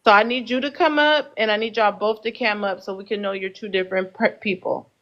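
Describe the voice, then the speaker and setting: A woman hosts a casual TikTok live panel from her phone, teasing her guests and bossily cutting in to steer the conversation. Her mid-range voice is fairly bright with fairly even intonation, and the recording sounds muffled.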